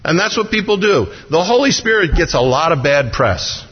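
A male pastor delivers a sermon in a relaxed, joking way, slipping into quick impressions of other people. His voice sits a little high for a man. The recording is dull and lo-fi, with long reverb from a large hall. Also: breathy edge. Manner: conversational and humorous, acts out voices.

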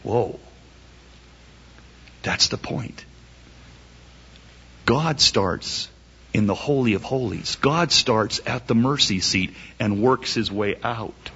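A man preaching a sermon emphatically, asking rhetorical questions and swinging his pitch up and down. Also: slow pace, long pauses, sharp tone, husky. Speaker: pastor. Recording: dull lo-fi recording.

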